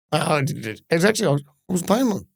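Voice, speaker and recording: A man's voice: a little high, vocal fry, slightly rough. Laughing Australian man telling stories. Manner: rambling, laughing anecdote teller who swears freely. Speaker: podcast guest, former footballer. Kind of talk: casual storytelling chat.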